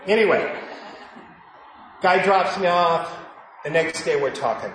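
An older man in his sixties tells his story to a live audience at a recovery meeting. His voice sits high for a man, and his delivery swings from loud and lively to hushed and low. The sound is very echoey, as if recorded across a big hall, with a faint hiss underneath. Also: measured pace. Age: 60s.

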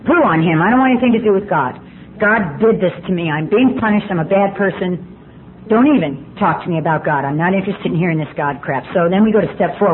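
A woman speaking at a recovery meeting, telling her personal story with candid, self-mocking humor. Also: mid-range voice. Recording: tinny phone-like line with faint hiss.

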